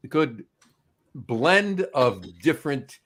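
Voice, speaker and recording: A man's voice: medium pitch, sing-song, very slow, fairly bright tone. A man hosting a casual chat, telling stories and rambling with restarts. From New Jersey. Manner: rambling, many fillers and restarts, tells stories. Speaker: host.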